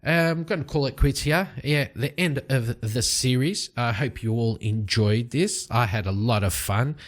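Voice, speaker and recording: A man casually narrating his solo tabletop roleplaying game from his home study, relaxed and rambling. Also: mid-range voice, a little slow. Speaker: solo tabletop game player and channel host.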